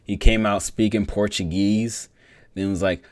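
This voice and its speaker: Young dude with a real low voice ranting about fights, swears a lot, dry close mic. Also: male voice, measured pace, dry recording. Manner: profane, rambling, excitable. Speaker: MMA vlogger. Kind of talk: casual fight breakdown.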